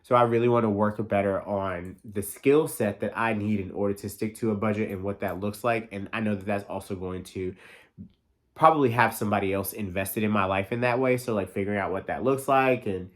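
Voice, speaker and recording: A man in his thirties talking in a casual solo monologue as podcast host, fast and excitable with lots of filler words and the odd curse. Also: lowish voice. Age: 30s. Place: New York.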